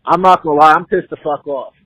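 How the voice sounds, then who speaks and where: A man calling into a sports show, ranting furiously and shouting with profanity. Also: on the high side, steady tone, fast, slightly rough, no room sound, poor audio. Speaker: caller. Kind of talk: angry sports call-in rant.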